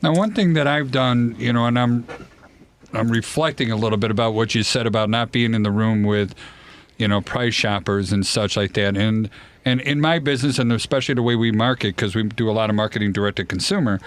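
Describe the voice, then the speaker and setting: A man's voice: mid-range voice, a little fast. A man hosting a podcast, chatty and self-deprecating, asking his guests questions with lots of "you know". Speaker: podcast host. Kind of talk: casual podcast conversation. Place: studio.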